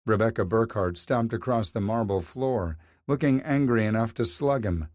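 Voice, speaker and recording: A man narrating a story in a measured, even reading voice. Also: lowish voice, no echo, clean studio sound. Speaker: audiobook narrator. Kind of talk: scripted narration.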